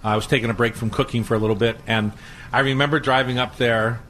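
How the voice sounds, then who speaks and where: An older man hosting a food radio show, chatting in a relaxed, rambling way and chuckling often. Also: mid-range voice, quick pace, a little hiss or hum, rough recording. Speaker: radio show host and chef. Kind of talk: casual radio chat.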